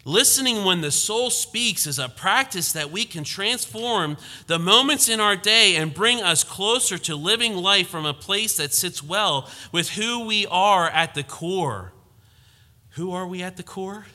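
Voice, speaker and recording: A man preaching a sermon with a very bright, tense tone and a somewhat high voice. He presses hard on key phrases, then drops to near-whispered scripture, and now and then mocks quoted sayings in a lighter voice. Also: measured pace, big-room sound. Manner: animated, mocking quoted lines in a lighter voice; rises to emphatic force, drops to hushed tones.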